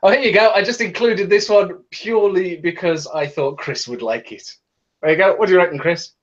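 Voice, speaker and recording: Brief: chatty British male host, a touch higher voice, dull lo-fi audio. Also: moderate pace. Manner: laughs often, reads posts aloud. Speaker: podcast host. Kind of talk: casual chat.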